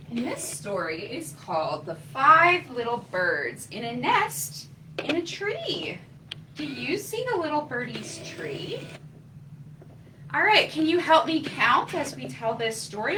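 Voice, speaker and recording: A woman's voice: fairly high pitch, sharp tone, distant mic, rough recording. A woman librarian leading a children's story time, reading aloud in an encouraging way. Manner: slow, sing-song, encouraging. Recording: faint room noise, voice from off-mic.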